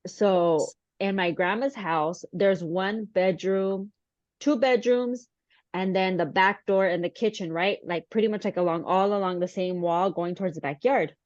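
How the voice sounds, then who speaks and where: A woman's voice: mid-range voice, a little slow, dry recording, highs cut off. A woman podcast co-host telling a family story in casual chat, acting out the voices of the people in it. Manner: animated, acts out quoted voices.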